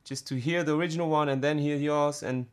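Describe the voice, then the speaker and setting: A man teaching a music production tutorial, talking in a halting way with many fillers and restarts. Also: on the high side, fairly even intonation, clear, resonant tone. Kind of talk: screen-recorded software tutorial.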